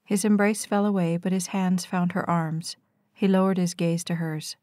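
Calm lady reading a romance audiobook, lowish voice, dead dry close mic. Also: moderate pace, no room sound. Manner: calm, even storytelling. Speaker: audiobook narrator. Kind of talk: scripted narration.

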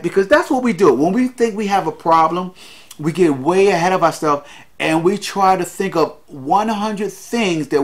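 A man hosting a podcast, giving an earnest motivational monologue, repeating his key lines and calling his listeners guys. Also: a little high. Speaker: podcast host.

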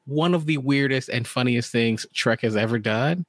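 A man's voice: medium pitch, moderate pace, dry recording. A man co-hosting a podcast, talking in a mid-range voice. He rambles, restarts his sentences and acts out his own reactions. The recording is dry and close. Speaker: podcast co-host. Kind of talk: casual podcast chat.

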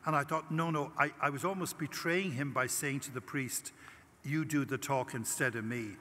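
A man's voice: mid-range voice, moderate pace, bright, forceful tone. An older Irish priest giving a conference talk, telling a personal story and acting out his prayers with animation. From Ireland. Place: large conference hall. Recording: long hall reverb.

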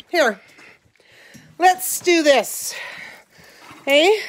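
A woman's voice: fairly high pitch, lively intonation, a little slow, a bit bright. A middle-aged woman talking casually to her vlog viewers from her kitchen, rambling and a little teary. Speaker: vlogger, ranch owner. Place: home kitchen.

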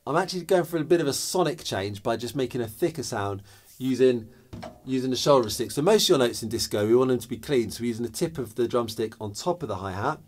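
A man's voice: mid-range voice, lively intonation, fast. A man teaching a drum lesson, explaining patiently step by step and counting rhythms aloud and beatboxing the patterns.

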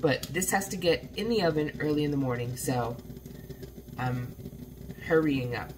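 Low-voiced woman rambling in her kitchen. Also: normal speed, rough recording. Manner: rambling, talks while hurrying about the kitchen. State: just out of bed, tired. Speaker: cooking vlogger. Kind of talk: casual chatty vlog. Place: home kitchen. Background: faint coffee machine hiss.

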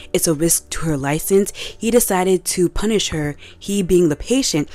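A young woman talks in a fairly low voice and tells a story casually, full of slang. She is animated as she tells it. It sounds like a vlog commentary. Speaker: commentary vlogger.

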